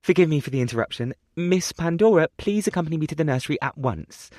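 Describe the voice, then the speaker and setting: A breathless, hurried young nursemaid, put on by a male audiobook reader in a higher voice. She rushes through apologies, flustered and eager to please. The recording is close and dry. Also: expressive, darkish tone, dry recording, close to an everyday voice.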